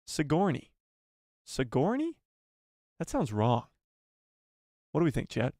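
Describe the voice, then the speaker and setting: A man's voice: mid-range voice, very animated, moderate pace, a little mellow, dry recording, clean studio sound. A man hosting a casual live stream, joking with his chat and mocking himself.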